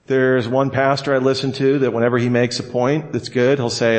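A man's voice: medium pitch, little pitch movement, moderate pace. A man teaching a class on how to preach, talking casually, joking and acting out quotes. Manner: casual, jokey, acts out quotes with laughs. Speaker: Bible teacher. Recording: long hall reverb.

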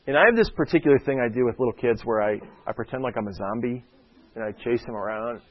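A man's voice: medium pitch, fast talker. A man preaching a sermon in a conversational, storytelling way, often checking in with his listeners by asking "okay?". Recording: dull lo-fi sound.

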